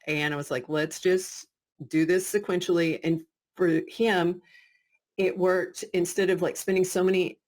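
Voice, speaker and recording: A woman's voice: lowish voice, darkish tone. Upbeat woman co-hosting a webinar. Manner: encouraging, upbeat, thanks chat participants. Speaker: webinar co-host. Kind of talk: casual webinar talk.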